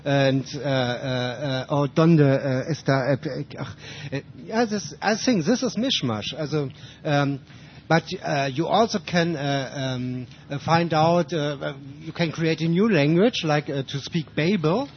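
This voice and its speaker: A man with a German accent chats on a radio show in halting English, stopping and restarting as he hunts for words. His voice sits a little high. The sound is dull and lo-fi, with a faint hiss behind it. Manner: halting, many fillers and restarts. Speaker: radio guest. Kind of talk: casual radio chat.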